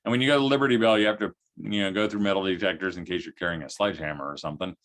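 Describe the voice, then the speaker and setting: Folksy man telling animated stories. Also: sits low, racing. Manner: animated, with vocal sound effects; folksy and humorous. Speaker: speaker at a homeschooling event. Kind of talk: storytelling talk to parents.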